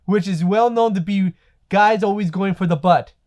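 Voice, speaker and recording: Laughing frequently, this podcast co-host shares stories with lively energy during a relaxed conversation. She speaks at an ordinary pace with a mid-range pitch.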